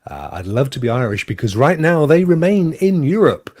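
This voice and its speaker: A man's voice: fairly high pitch, big pitch swings, moderate pace, a little mellow. An English man hosting a casual live-streamed chat show, joking, poking fun at himself and laughing often. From England. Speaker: host.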